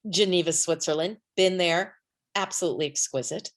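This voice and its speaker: Female podcast co-host, playful and chatty, slightly low pitch. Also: brisk. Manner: chatty, laughs easily, playful. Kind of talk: casual chat.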